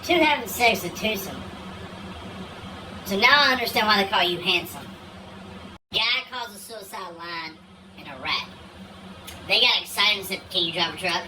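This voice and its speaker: A woman's voice: mid-range voice, expressive, normal speed, pauses often, recorded from a distance, background noise. A woman telling a string of one-liners and dirty jokes in a dry, matter-of-fact way. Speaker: joke teller. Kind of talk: deadpan joke telling.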